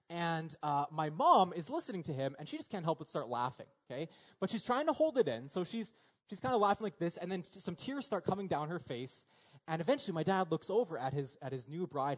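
A young male pastor delivers a sermon in a relaxed, conversational way. His voice sits a little higher than most men's, and he often stops on fillers and repeats words as he finds the next phrase.

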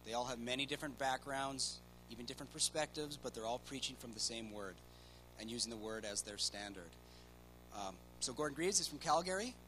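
A man's voice: mid-range voice, a little fast, bright, forceful tone, a little hiss or hum, rough recording. A man in church introducing the guest preacher, a little hesitant. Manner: hesitant, with fillers. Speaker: church member introducing the speaker. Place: church sanctuary.

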